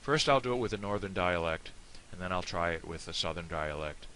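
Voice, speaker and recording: A man's voice: deep voice, expressive, brisk, sharp tone. An American man giving a casual, rambling lesson on a toast, with many fillers and self-deprecating asides. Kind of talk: casual screen-share lesson. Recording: faint hiss.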